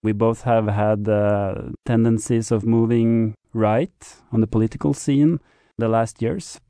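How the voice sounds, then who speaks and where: A man's voice: on the low side, steady tone, a little slow, dark tone, dry recording, studio quality. A man from Norway with a Norwegian accent, a guest guide answering in an easygoing, hesitant way. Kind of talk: studio chat interview.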